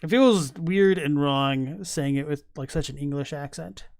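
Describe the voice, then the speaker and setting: A man's voice: fairly high pitch, unhurried, vocal fry, a little mellow, no room sound, clean studio sound. A man casually chatting on a live stream, thinking aloud with many fillers and restarts while reading chat messages. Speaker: streamer reacting to game lore.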